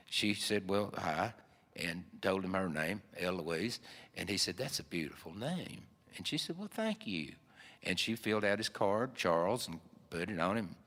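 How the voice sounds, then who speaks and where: A man's voice: fairly low pitch, fairly bright tone. A man with an Appalachian accent telling a folksy story in a rambling, easygoing way full of fillers. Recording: long hall reverb.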